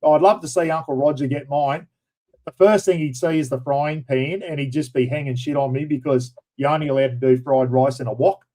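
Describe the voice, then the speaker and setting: A middle-aged man with a broad Australian accent, hosting a relaxed, rambling chat. His voice sits a bit on the high side for a man. He keeps dropping in blokey slang as he talks. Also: a little fast, low-quality recording. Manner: blokey, rambling, says "mate" and "bloody" often. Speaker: livestream host. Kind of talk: casual chat.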